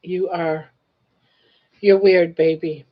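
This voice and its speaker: A woman's voice: on the low side, fairly even intonation, takes it slowly. An older woman hosting a live crochet stream, chatting fondly with her pet and greeting viewers. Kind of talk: casual live-stream chat. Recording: dull lo-fi live stream audio.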